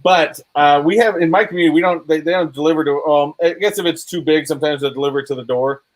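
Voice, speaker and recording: A man's voice: fairly high pitch, fast talker, no room sound. Chatty man hosting a livestream. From Boston. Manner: rambling shout-outs, filler-heavy. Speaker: livestream host. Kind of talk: casual livestream chat.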